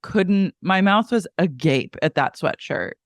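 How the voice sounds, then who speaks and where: A man's voice: sits high, lively intonation, measured pace, no echo, studio quality. A man co-hosting a podcast, telling gossip in a dramatic, indignant, campy way. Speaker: podcast co-host. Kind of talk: casual reality-TV recap chat.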